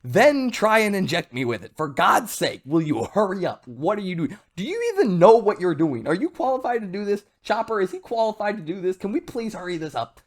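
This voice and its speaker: A man's voice: sits high, big pitch swings, a little fast, hardly any pauses, voice pushed up. A man voicing an impatient young male swordsman who is bandaged up, firing off exasperated demands in a raised voice.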